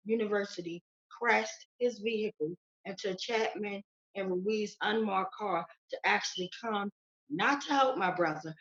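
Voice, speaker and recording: Woman telling what happened in an interview, urgent, keeps repeating herself, kinda muffled lo-fi sound. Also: mid-range voice. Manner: urgent, pleading, repeats phrases. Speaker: interview guest, victim's sister. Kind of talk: emotional interview testimony.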